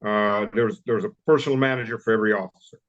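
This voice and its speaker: A man in his fifties with a Southern US accent, a guest telling stories in an interview, blunt and wry, halting with many fillers and restarts. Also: on the low side, steady tone. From southern United States. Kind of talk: casual interview storytelling. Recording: dull lo-fi audio.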